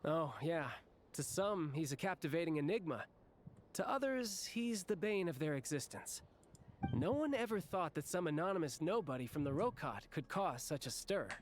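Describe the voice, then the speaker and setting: In a game voice-over set against faint music, a man plays a cheerful, confident young male villain who chuckles breezily while issuing orders. His fairly high voice has lively intonation and a moderate pace, sounds close to everyday speech, and carries a little hiss or hum. The mood is playful.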